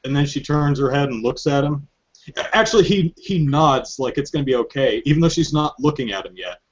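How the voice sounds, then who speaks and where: A man hosting a podcast in casual chat, telling stories in an animated, joking way. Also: mid-range voice, brisk, highs cut off. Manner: animated, joking storytelling with frequent laughs. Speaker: podcast host.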